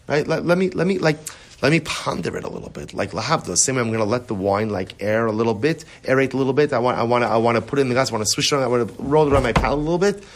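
Male rabbi lecturing a class; slightly husky, lively and conversational, keeps asking "right?". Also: mid-range voice, fast. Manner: animated, rhetorical, repeats "right?" often.

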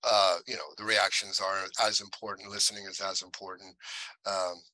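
A man's voice: low voice, normal speed, dry recording, poor audio. A man, an actor, telling stories in a casual interview and animatedly acting out what others said. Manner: animated, acts out other people's lines. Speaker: actor guest.

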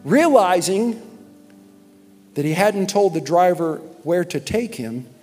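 A man preaching a sermon as pastor, impassioned, swinging from shouts down to quiet, probing questions. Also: high voice, expressive, slow pace. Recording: music and long hall reverb.

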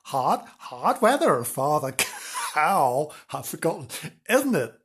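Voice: mid-range voice, sing-song, takes it slowly, husky, heavily acted. A storyteller voicing a grinning, simple-minded male sausage seller in a muddle of silly accents. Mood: jolly.

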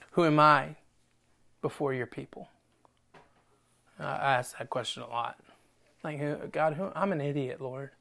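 Man, pastor, sermon, animated, self-deprecating asides, acted-out dialogue. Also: medium pitch, vocal fry. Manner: animated, acts out dialogue with God and Moses.

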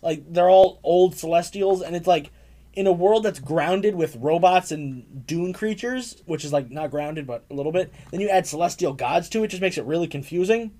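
A man's voice: fairly high pitch, moderate pace, mellow. Rambling young man reviewing comics. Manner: rambling, filler-heavy, laughs often. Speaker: comic book podcast co-host. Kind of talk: casual review chat.

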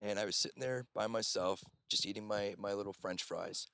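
A man's voice: lowish voice, a little fast, creaky, fairly bright tone, clear, resonant tone, no echo. A man, host of an off-grid cabin, telling long rambling stories in casual conversation and swearing now and then.

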